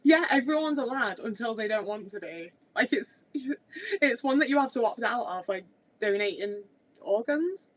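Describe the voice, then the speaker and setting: A woman's voice: a little high, lively intonation, normal speed, poor audio. Chatty woman streamer. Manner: chatty and rambling, full of "like" fillers. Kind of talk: casual livestream chat.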